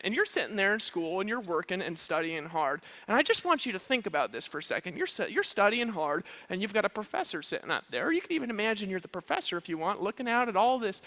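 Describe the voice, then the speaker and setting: A male motivational speaker addresses a room from an event stage, emphatic and full of rhetorical check-ins. His voice sits high and swoops a lot, with a bright, forceful edge. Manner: emphatic, repeats "right?" and "you know what I mean?". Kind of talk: live seminar speech.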